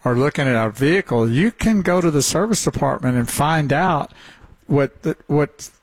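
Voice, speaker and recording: A man co-hosting a radio talk show, chiming in with quick jokes and laughs. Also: on the high side, lively intonation, no room sound. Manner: quick joking interjections, laughs a lot.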